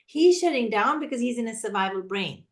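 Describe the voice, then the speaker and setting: A woman trainer answering teachers' questions in a live online session, energetic and animated, often acting out how a teacher talks. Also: a little high, a little fast. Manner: energetic, animated, acts out teacher and child voices. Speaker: classroom management trainer.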